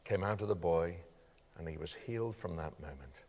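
A man preaching a sermon. He moves between loud emphasis and hushed intensity and keeps asking the listeners questions. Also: low-pitched, fairly quick. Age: adult, father of children. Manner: animated, swings from loud emphasis to quiet intensity, asks rhetorical questions. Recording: reverberant hall.

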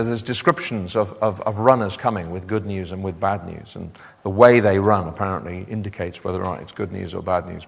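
A man preaches with a lively, swooping delivery and a slightly high, gravelly voice. His words ring out with a long reverb, like a church hall. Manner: animated, repeats words when building up. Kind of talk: sermon.

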